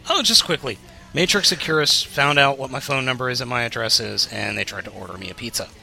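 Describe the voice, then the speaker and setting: A man's voice: medium pitch, fast talker, gravelly, sharp tone, soft background music. A man co-hosting a podcast, chatting casually with a jokey, laughing way of telling stories. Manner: laughs a lot, jokey storytelling. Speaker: podcast co-host. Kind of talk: casual chat.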